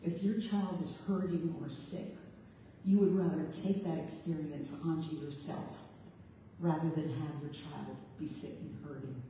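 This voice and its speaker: A woman's voice: fairly low pitch, dark tone, slight background noise. A woman preaching a sermon to a congregation in a large room, reflective and questioning as she retells the story. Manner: reflective, questioning, voices the father and Jesus in quotes. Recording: echoey hall, voice from far off.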